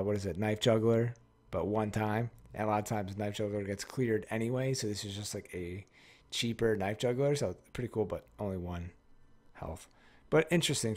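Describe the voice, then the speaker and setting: Low-voiced man rambling over card packs. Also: darkish tone. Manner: rambling, self-correcting, swears freely. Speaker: card game pack-opening streamer. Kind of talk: casual card-opening commentary.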